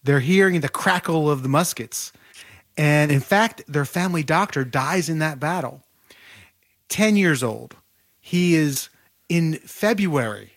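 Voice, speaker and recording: A man's voice: a little high, animated, a little slow. A man being interviewed as an author, telling a historical story in vivid, detailed bursts. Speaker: author guest. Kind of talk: podcast interview.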